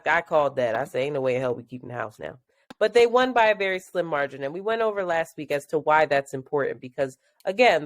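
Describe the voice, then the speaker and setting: A woman co-hosting a podcast in casual chat, animated and laughing as she talks. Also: deep voice, no room sound. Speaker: podcast co-host.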